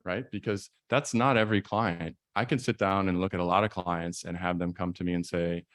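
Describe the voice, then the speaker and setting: A man, an estate planning attorney, giving a measured, explanatory conference presentation. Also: sits low, fairly even intonation, fairly bright tone, no room sound, clean studio sound.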